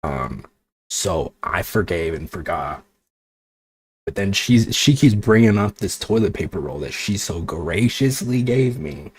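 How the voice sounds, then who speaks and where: A man's voice: low voice, animated, unhurried, breathy edge. A man streaming as a VTuber, ranting casually with exasperation, swearing and sarcasm. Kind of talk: casual livestream chat.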